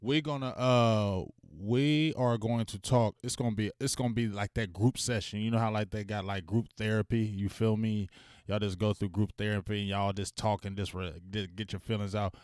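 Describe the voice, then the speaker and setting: A man chats casually to his livestream audience, loose and slangy, breaking into loud shout-outs and venting. His voice is smooth and resonant. The sound is dry and close to the mic. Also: fairly low pitch, steady tone, normal speed, no echo. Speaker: sports talk stream host.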